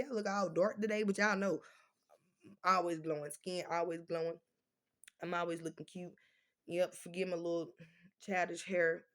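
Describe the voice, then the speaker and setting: A woman vlogger with a fairly low voice rants casually straight to the camera, talking fast and emphatically, slurring her words and repeating "doggone." She's indoors at home under dim lighting.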